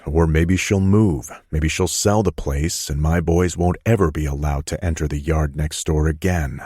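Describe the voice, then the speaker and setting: A man narrating a romance audiobook in the first person, in a soothing, even manner. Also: a bass voice, breathy edge, no room sound, clean studio sound.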